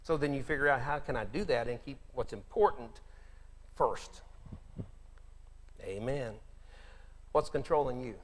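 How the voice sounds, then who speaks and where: A male pastor preaching a sermon, telling Bible stories in an animated way, acting out the characters and laughing between points. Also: medium pitch, a little slow, pauses often, long reverb tail.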